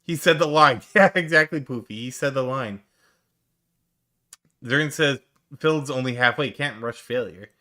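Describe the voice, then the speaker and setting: A man's voice: mid-range voice, unhurried, pauses often, sharp tone. A man giving sarcastic, mocking reaction commentary on a stream clip, swearing freely.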